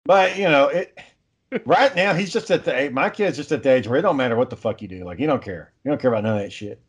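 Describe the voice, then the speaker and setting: A man's voice: mid-range voice, lively intonation, fast, husky. A man who is a father, chatting casually and telling stories in a blunt, profane way. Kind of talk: casual chat.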